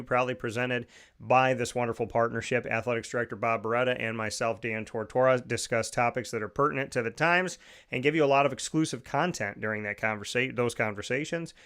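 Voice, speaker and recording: A man's voice: mid-range voice, steady tone, brisk, fairly bright tone, clean tone. A man hosting his own radio and podcast show in a studio, talking with upbeat enthusiasm and rattling off plugs and lists. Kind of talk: energetic show talk and sponsor plugs.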